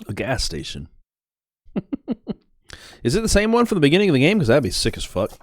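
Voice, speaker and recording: A man's voice: sits high, sing-song, fairly quick, no room sound. A man hosting a gaming channel, giving laid-back let's-play commentary and swearing casually.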